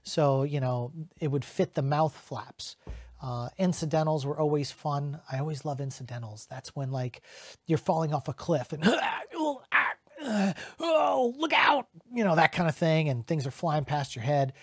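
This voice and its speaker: A middle-aged man who is a voice actor, chatting casually to camera in an animated way and slipping into quick character voices. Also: fairly high pitch, dry recording, studio quality.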